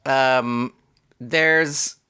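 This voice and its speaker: A podcast co-host chatting casually about a movie, playful and quick to go into silly bits. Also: mid-range voice, steady tone, pushed and bright, clear, resonant tone.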